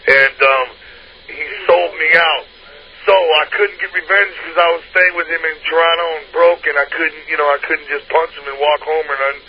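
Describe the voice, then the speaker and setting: A man telling a crude, profane anecdote in a casual way, laughing often as he talks. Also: a little high. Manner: crude, profane, laughs through his own story. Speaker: hotline storyteller. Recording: dull lo-fi line with faint hiss.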